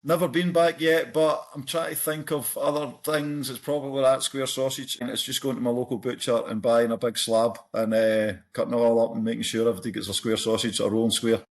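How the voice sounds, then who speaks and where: Scottish man telling lively anecdotes. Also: mid-range voice, a little fast, hardly any pauses. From Scotland. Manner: storytelling, animated anecdotes. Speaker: podcast guest. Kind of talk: casual chat.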